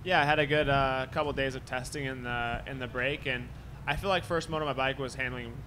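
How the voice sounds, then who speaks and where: Bright-voiced male racer. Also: mid-range voice, a little fast, slight background noise. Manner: relaxed, plain answers with fillers. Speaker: racer at a press conference. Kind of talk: post-race press conference answers.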